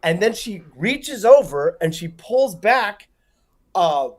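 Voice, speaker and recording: A man's voice: sits high, slow. A man, a comedian guest on a talk show, telling a story with lots of energy and acting out the people in it. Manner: lively, swearing, acts out voices in a story. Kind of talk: animated storytelling.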